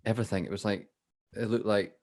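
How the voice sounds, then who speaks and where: A young man co-hosting a podcast over a video call, joking, apologetic and halting in his speech. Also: fairly low pitch, steady tone, a little mellow, dry recording, clean studio sound. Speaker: podcast co-host. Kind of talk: casual chat.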